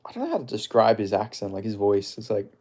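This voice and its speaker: A man's voice: on the low side, wildly swooping pitch, fast, warm tone. A man with an Australian accent, a streamer rambling loosely through viewer comments, swearing casually and filling his talk with filler words.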